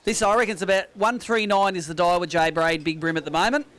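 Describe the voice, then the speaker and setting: An Australian man hosts an outdoor fishing tournament weigh-in. His voice sits fairly high, and he jokes matily with each angler while calling out the weights. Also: quick pace, a bit bright. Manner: jokey, matey, upbeat announcing. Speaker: weigh-in host. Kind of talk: casual tournament weigh-in banter.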